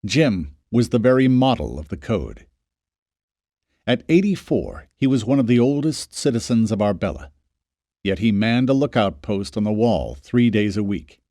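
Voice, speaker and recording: Man reading an audiobook, animated delivery. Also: on the low side, moderate pace, no echo, clean studio sound. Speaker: audiobook narrator. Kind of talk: scripted narration.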